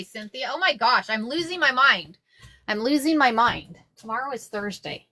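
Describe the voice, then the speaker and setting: Excitable woman chatting while sewing. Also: high voice, moderate pace, slight background noise. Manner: excitable, repeats herself, says y'all often. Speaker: craft livestream host. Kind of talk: casual livestream chat while sewing.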